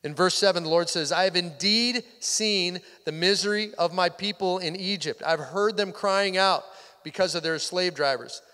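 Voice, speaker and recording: Male pastor, slightly high voice, casual sermon delivery, reverberant sanctuary. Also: moderate pace, pushed and bright, clear, resonant tone. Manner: conversational, drops to near-whisper for intimate points. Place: church sanctuary. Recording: hall reverb.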